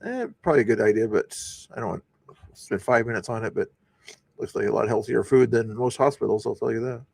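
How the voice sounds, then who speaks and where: A man's voice: fairly low pitch, fast, creaky, darkish tone, no echo. A man hosting a casual news commentary stream, talking loosely with many fillers and restarts. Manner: rambling, lots of fillers and restarts. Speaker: stream host.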